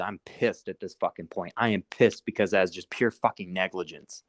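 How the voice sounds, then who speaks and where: Low-voiced, profane man telling stories. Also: fairly quick, no echo, studio quality. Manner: profane, heated storytelling. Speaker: podcast co-host. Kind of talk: casual chat.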